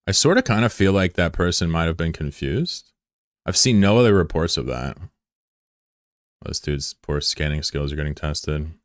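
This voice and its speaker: Deep-voiced man chatting with stream viewers. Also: expressive, moderate pace, no room sound, studio quality. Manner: joking, profane, laid-back banter. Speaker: game streamer. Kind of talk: casual live-stream chat with viewers.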